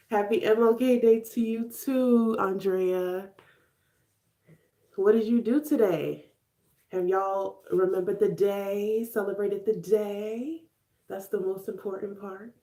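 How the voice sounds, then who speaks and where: A woman's voice: mid-range voice, darkish tone. Chatty young woman streaming from home. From Chicago. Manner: chatty, laughs often, reads and answers comments. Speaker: vlogger live streaming to viewers. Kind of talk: casual chat while doing makeup.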